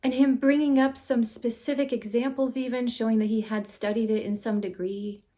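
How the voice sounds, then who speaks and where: A woman hosting a reaction video who reviews a TV episode in a casual, gushing, excitable way. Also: on the high side, normal speed.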